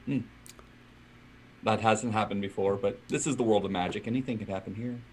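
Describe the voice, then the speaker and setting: Hesitant low-voiced man playing a tabletop game. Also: a little fast, a little hiss or hum. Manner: hesitant, many fillers. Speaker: player.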